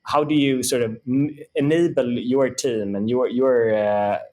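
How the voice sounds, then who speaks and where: A man's voice: medium pitch, steady tone, unhurried, darkish tone. Rambling man with many restarts. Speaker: startup co-founder guest. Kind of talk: casual interview talk.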